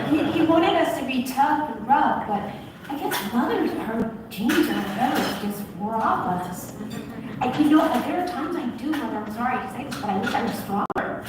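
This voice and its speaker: A woman on stage, talking warmly and emotionally about her family in a live conversation. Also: high-pitched, expressive, normal speed. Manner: warm, gushing, emotional storytelling. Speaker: guest on stage. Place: large venue with audience. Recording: echoey hall from far off, noisy.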